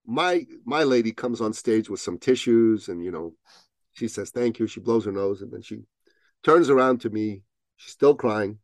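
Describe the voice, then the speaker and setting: A man's voice: fairly low pitch, moderate pace, no room sound. A man telling a long story as a podcast guest, acting out the voices of the people in it. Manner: animated storyteller, acts out quoted voices. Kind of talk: storytelling in an interview.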